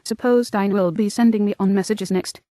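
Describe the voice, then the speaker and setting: A woman's voice: mid-range voice, fairly even intonation, fairly quick, mellow, no room sound, studio quality, close to an everyday voice. An earnest, polite young girl, read by a woman. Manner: earnest, eager.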